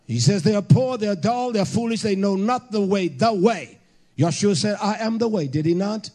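High-pitched man hollering a fiery sermon. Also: expressive, moderate pace. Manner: hollering, emphatic preaching with bursts of shouting. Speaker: preacher.

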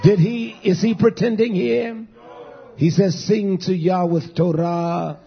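Gravelly high-voiced preacher. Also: male voice, steady tone, takes it slowly, faint music behind. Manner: exhorting, rising to shouts. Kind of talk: sermon. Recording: dull lo-fi recording.

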